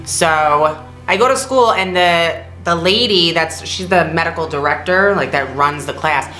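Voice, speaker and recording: A young vlog co-host casually tells her partner a story, speaking a little slowly, mimicking other people's voices with big pitch jumps and laughing often along the way. Her voice is bright and clear. The room is echoey, with faint music in the background.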